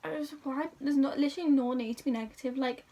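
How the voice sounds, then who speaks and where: High-voiced chatty young woman. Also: quick pace, dark tone, far from the mic. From England. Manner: chatty, rambling, self-deprecating. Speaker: YouTuber. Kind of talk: casual chat to camera.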